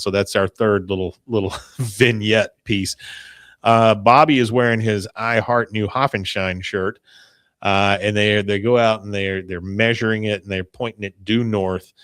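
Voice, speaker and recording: Low-voiced man rambling through a recap. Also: fairly bright tone, dry recording. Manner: rambling, profane, chuckling asides. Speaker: podcast host. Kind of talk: casual chat recapping a cartoon episode.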